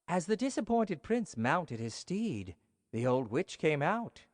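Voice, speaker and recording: Playful kids' storyteller, lively pitch, unhurried, long hall reverb. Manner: playful, addresses listeners directly. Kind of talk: reading a bedtime story to children.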